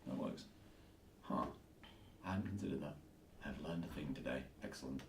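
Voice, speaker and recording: A man's voice: a bass voice, moderate pace, a little hiss or hum. A man co-hosting a podcast, chatting casually and thinking aloud, often repeating himself. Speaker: podcast co-host. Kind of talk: casual chat. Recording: echoey room, distant mic.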